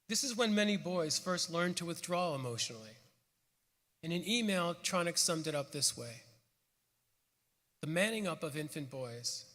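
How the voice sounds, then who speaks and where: A man giving a prepared conference lecture with a measured, earnest delivery. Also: fairly high pitch, fairly bright tone. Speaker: conference speaker. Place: conference hall. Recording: long hall reverb.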